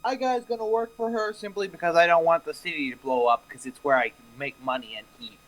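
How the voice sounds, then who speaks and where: A man's voice: fairly high pitch, fairly quick, a bit bright, low-quality recording. A man playing a tabletop game, joking and mocking his own character. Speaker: player.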